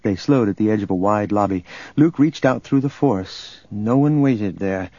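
A man narrating a novel in a steady, even storytelling manner, recorded as a dull lo-fi audiobook. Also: fairly low pitch, moderate pace, dry recording. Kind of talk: scripted narration.

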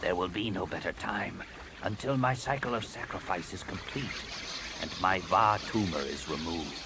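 A man voicing a cold, scheming alien woman, a master shaper, with a measured, partly whispered delivery in an audiobook reading. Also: low-pitched, background noise. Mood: calm, probing. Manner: measured and commanding.

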